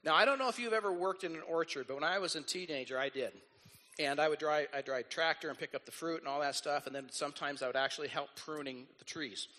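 Animated high-voiced man preaching in a hall. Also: fast. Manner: animated, acts out quoted voices. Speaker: pastor. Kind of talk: sermon.

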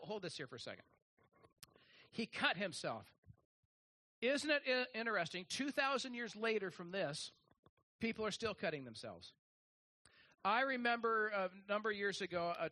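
A man's voice: on the high side, pushed and bright. A man preaching a sermon, folksy and joking, with many restarts and fillers. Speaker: pastor.

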